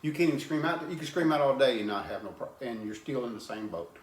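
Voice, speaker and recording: A man's voice: medium pitch, expressive, fast talker, roomy sound. A man preaching an informal sermon, plain-spoken and earnest, often repeating and restarting his words as he reads scripture.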